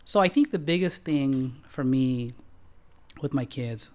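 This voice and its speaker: In an unhurried way, a middle-aged bank founder spins lively, informal stories on a podcast. He's prone to clearing his throat and to sudden sharp, high-pitched outbursts when impersonating the people he quotes.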